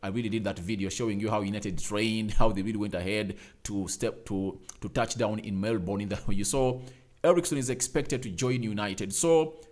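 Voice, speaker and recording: A man hosting a live football transfer-news stream, hyped up and repeatedly urging viewers to like the video, his voice jumping loud and high. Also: normal speed. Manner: energetic, swings loud and high. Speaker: football channel host.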